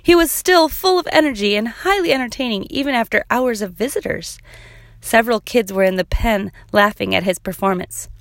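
Lady reading a kids chapter book aloud, some vocal fry, dry close mic. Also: fairly high pitch, a little fast, no room sound. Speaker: narrator. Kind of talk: storybook read-aloud.

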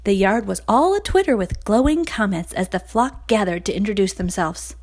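A woman narrating a children's storybook aloud with expressive, lively storytelling. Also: mid-range voice, moderate pace, poor audio.

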